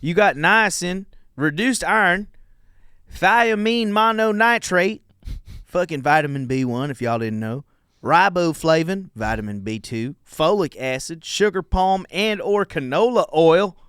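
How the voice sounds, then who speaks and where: A loud, indignant Southern man in full rant, as a man puts him on with a put-on Southern drawl. He shouts in a voice pitched well above his own. The sound is dry and close. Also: lively intonation, a little slow, smooth, dry recording. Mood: outraged.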